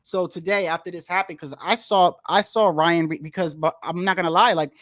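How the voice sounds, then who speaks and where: A man's voice: sits high, fairly even intonation, fairly quick, fairly bright tone, dry recording, studio quality. A man hosting a casual boxing podcast, talking in a rambling, profane way that repeats phrases. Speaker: boxing show host.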